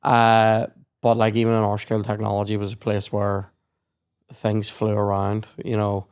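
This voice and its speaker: A man's voice: on the low side, monotone, a little slow, clear, resonant tone. A young man, hosting a podcast and telling sweary school stories in casual chat. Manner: sweary storytelling, acts out shouted quotes. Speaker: podcast host.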